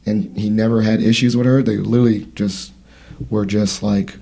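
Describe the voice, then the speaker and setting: A man's voice: fairly low pitch, flat delivery, normal speed, vocal fry, warm tone, a little hiss or hum. A man in his thirties hosting a casual podcast conversation, telling a story in a rambling way with many fillers and restarts. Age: 30s. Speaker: podcast host.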